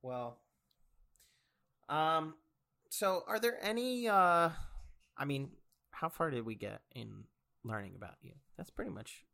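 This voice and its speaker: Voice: medium pitch, expressive, slow pace, gravelly, long pauses, bright, forceful tone. A co-host chatting casually in a bar, easygoing and jokey. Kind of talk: casual chat.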